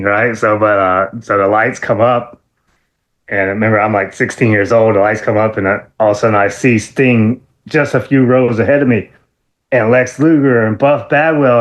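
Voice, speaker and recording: A middle-aged man, a former wrestler, telling animated stories as an interview guest, excitable, with many fillers and sudden high-pitched outbursts. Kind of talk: animated storytelling.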